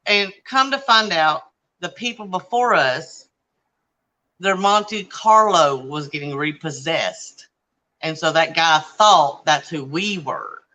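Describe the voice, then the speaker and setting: A woman with a very bright, edgy voice chats casually as host. She tells her stories in an animated way and plays out each quoted line with its own voice. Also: deep voice, takes it slowly, low-quality recording. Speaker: channel host. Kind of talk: casual chat.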